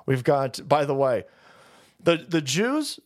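Profane ranting man with a higher voice. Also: big pitch swings, slow. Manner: profane, rambling, addresses viewers as boys. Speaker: streamer host. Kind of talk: casual ranting stream.

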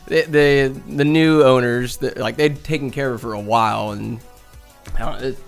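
A man's voice: mid-range voice, normal speed, creaky, faint music behind. A young man from Northern California telling rambling, chatty cat stories at home, swearing and laughing along the way. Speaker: vlogger. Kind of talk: casual rambling storytelling. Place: home room with a bookcase.

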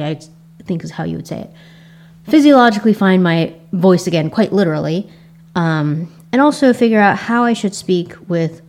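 Low-voiced woman musing aloud. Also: a little mellow. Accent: Asian American. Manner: reflective, rambling with restarts. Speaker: podcast host. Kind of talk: casual solo podcast monologue.

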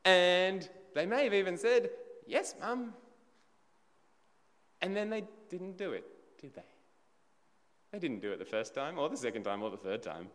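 Lively, conversational male preacher in a reverberant hall. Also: sits high, normal speed. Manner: conversational, full of rhetorical questions to the congregation. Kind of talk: sermon.

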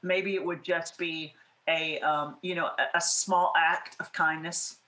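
Bright-voiced Southern woman co-host. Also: sits low, steady tone, unhurried, roomy sound, low-quality recording. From American South. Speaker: podcast co-host. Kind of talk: casual faith chat.

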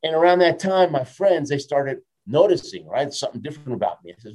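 A man in his fifties, a motivational speaker telling stories as an interview guest, lively, laughing often and ending lines with a quick "right?". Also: fairly high pitch. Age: 50s. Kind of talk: storytelling in a casual interview.

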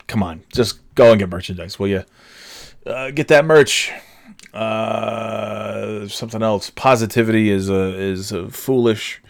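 Man, podcast host, lowish voice, dry close sound, swearing, rambling and sardonic. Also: no echo. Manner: profane, sardonic, rambling with many fillers. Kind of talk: casual rambling monologue. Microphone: headphones on, podcast microphone.

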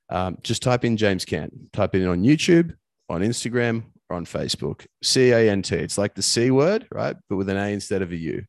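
A man's voice: low voice, gravelly, a little mellow, no echo. A man, a coach and podcast guest, talking earnestly and emphatically in casual conversation, swearing now and then.

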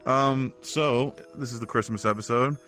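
A man hosts a loose podcast chat with his friends. His voice is bright and easygoing, and he swears freely. Faint music plays underneath. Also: mid-range voice, steady tone, moderate pace. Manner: laid-back, swears casually. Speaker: podcast host. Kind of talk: casual chat.

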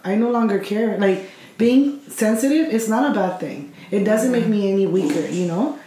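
A woman's voice: mid-range voice, expressive, normal speed, warm tone. A young woman co-hosting a podcast in casual chat, talking reflectively and mixing English and Spanish within a sentence. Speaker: podcast co-host. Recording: echoey room with faint noise.

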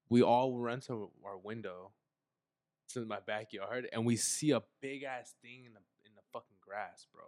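A man's voice: lowish voice, steady tone, a little slow, clean tone, dry recording, studio quality. A young man hosting a podcast, telling a childhood story in casual chat, with a lot of slang and swearing. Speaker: podcast host.

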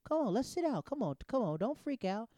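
A man's voice: lively intonation, normal speed, warm tone, smooth, no echo. A man voicing a kindly small-town male police officer who fusses over and soothes a nervous driver in a story. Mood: alarmed. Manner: high, repeated "whoa" and "hey", coaxing.

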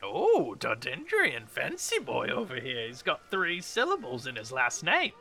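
A man's voice: a little high, huge pitch swings, unhurried, pushed and bright, heavily acted. Man putting on a sassy flirty dragonborn lady. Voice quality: teasing, brash.

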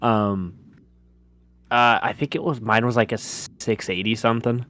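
A man co-hosting a podcast who tells an aggrieved story in casual chat, often pausing to grope for words. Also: medium pitch, steady tone, fairly bright tone, no echo. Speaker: podcast co-host.

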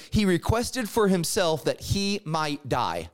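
A man teaches a Bible class casually and animatedly, retelling stories with slangy asides and acting out the characters. His voice sits high and he speaks slowly.

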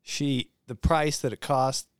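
A man who is a guest in a casual chat, speaking in a halting way with many restarts. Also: medium pitch, steady tone, clear, resonant tone, no echo. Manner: halting, hesitant, restarts often.

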